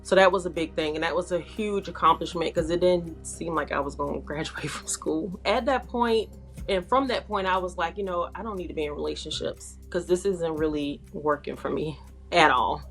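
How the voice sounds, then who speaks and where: Low-voiced woman recounting her past. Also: fairly quick, fairly bright tone, soft background music. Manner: candid, conversational, with frequent fillers like "like". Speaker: guest telling her life story. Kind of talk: personal testimony.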